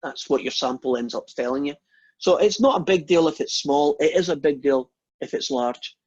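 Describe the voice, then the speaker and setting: Husky man lecturing. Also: a little high, moderate pace, darkish tone. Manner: chatty, asks the class questions. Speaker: math lecturer. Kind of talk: university lecture with storytelling. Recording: dull lo-fi recording.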